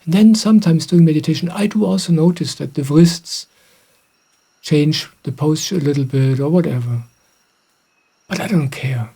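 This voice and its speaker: A middle-aged man, a spiritual teacher, calmly answering questions in a gentle, reflective way. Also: a little high, moderate pace, vocal fry, slightly rough. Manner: gentle, reflective, soft-spoken. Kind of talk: calm satsang answering questions.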